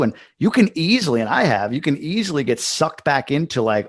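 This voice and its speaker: A man's voice: medium pitch, sing-song, a little fast, hardly any pauses. A man hosting a casual interview, talking in a loose, rambling way with frequent restarts. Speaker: host.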